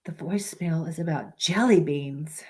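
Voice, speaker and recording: A woman's voice: sits low, normal speed, a little mellow. A woman hosting a live-stream podcast, talking in a candid, rambling way and swearing freely, with a stuffy cold. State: congested with a constant cold. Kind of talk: casual live-stream chat.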